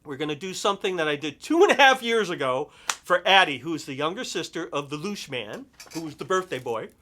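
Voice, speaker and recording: Bright-voiced, high-pitched male host. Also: expressive, a little fast, a little hiss or hum. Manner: chatty, enthusiastic, lists thanks and plugs. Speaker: host and vocalist. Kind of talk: casual show talk with a sung dedication.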